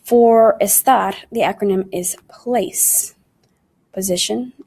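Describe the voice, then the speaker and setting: A woman takes her time teaching an online Spanish lesson in English, her mid-range voice darkish and marked by vocal fry. She explains patiently in steps, blends in Spanish words and conjugations, and regularly addresses everyone as "guys."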